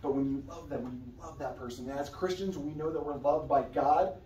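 A young man preaches in an easygoing, conversational way, now and then breaking into loud outbursts. His voice sits a little high. The sound is roomy and echoey, picked up from some distance in a church. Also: fairly even intonation, brisk, a little hiss or hum. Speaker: guest preacher. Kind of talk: sermon. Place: church sanctuary. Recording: echoey church room, somewhat far from the mic.

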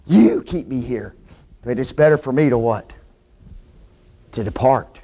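A man teaching a Bible class sermon in a church, folksy and animated, often asking the class questions. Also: mid-range voice, slow, long pauses. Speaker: preacher.

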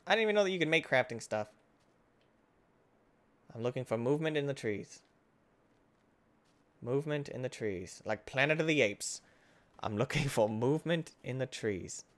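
Excitable man narrating his gameplay. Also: medium pitch, normal speed, pauses often. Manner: excitable, jumps between loud outbursts and hushed muttering. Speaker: gaming channel host. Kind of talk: casual let's-play commentary.

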